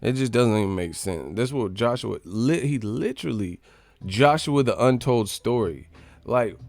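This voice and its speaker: A man's voice: mid-range voice, expressive, a little slow, a little mellow, no echo. A man hosting a boxing channel live stream, ranting in casual, profane, mocking chat.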